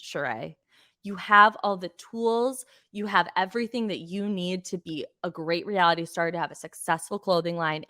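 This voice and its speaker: A woman's voice: on the low side, a bit bright, no room sound, clean studio sound. A woman hosting a podcast, giving a chatty, exasperated recap of reality TV with plenty of swearing. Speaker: podcast host.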